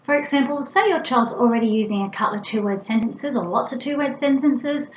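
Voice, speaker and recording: Patient woman teaching, bright playful demonstrations. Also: fairly high pitch, animated, brisk, a little hiss or hum. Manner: clear, patient explaining with exaggerated playful sound demonstrations. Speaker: speech pathologist. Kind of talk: instructional demonstration for parents. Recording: roomy, slightly dull with faint ambience.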